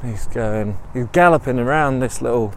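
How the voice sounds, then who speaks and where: A man's voice: mid-range voice, normal speed, a little hiss or hum. A man hosting a podcast, making up a story as he walks along a city canal, rambling with many ums and self-corrections. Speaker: podcast host. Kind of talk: improvised storytelling while walking.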